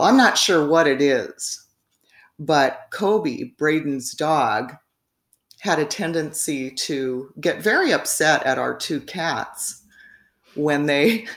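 Guest woman with a deep voice, rambling and chatty, recorded in an echoey room. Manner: rambling, frequent fillers and laughs. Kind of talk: casual storytelling in conversation.

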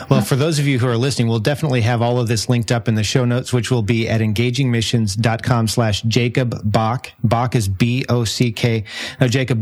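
A man hosting a podcast interview, upbeat and encouraging toward his guest. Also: mid-range voice. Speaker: podcast host.

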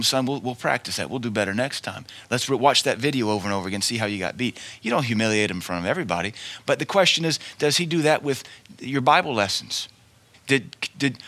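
Bright-voiced man preaching emphatically. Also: medium pitch. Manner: emphatic, repeats key lines, folksy storytelling. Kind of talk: sermon.

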